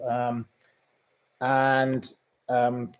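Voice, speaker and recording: A man's voice: medium pitch, monotone, extremely slow, rough recording. A man hosting a casual chat podcast, rambling through recommendations with many ums and gossipy asides. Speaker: podcast host.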